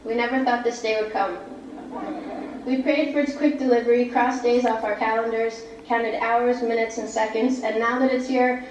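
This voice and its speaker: A woman's voice: a little high, fairly even intonation, normal speed, darkish tone, recorded from a distance, a little hiss or hum, natural voice. An actress playing a young woman graduate who gives a formal, earnest valedictory speech. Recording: echoey TV audio picked up from across the room.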